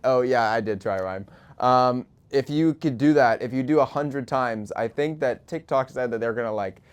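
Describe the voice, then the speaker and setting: A man's voice: medium pitch, moderate pace, smooth. Guy hosting a live talk show, playful jokey asides, mid voice.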